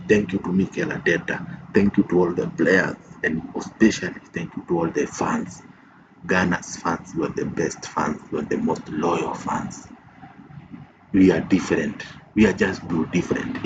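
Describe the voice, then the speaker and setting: Deep-voiced euphoric football fan host. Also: male voice, muffled recording, noisy background. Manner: euphoric, repeats phrases like chants. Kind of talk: excited fan reaction vlog. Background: music playing under the voice.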